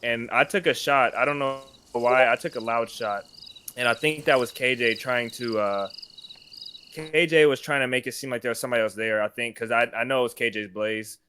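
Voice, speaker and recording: A man telling an animated story in casual chat over a team voice call while gaming, swearing freely. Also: mid-range voice, fairly quick, slight background noise. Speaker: gamer recording his play.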